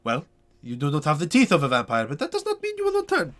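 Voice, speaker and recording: A haughty town burgomaster, as a man puts him on for a tabletop game, dragging out his words with scorn. His voice leaps high and loud as he lectures, swinging widely in pitch. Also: wildly swooping pitch. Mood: scornful. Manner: haughty, drawn-out and dismissive. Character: pompous suspicious male town burgomaster.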